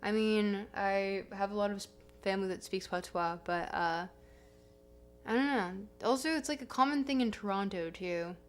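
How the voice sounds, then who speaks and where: A woman's voice: mid-range voice, moderate pace. A young woman hosting a casual livestream, chatting in a rambling, self-correcting way. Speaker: livestream host. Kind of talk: casual stream chat. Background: soft guitar music.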